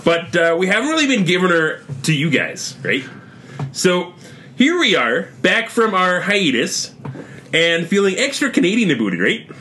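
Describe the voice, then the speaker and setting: A man hosting a casual hobby podcast in a loose, jokey way. His voice sits a little high and swings up and down a lot. A faint hiss hangs behind him. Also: sing-song, normal speed, pushed and bright. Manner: loose and jokey, many fillers. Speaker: podcast host. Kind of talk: casual chat.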